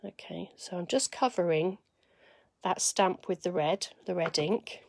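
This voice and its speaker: A woman's voice: on the low side, measured pace, creaky, darkish tone, no room sound, studio quality. A woman giving a live craft demonstration, chatting to viewers and thinking aloud as she works.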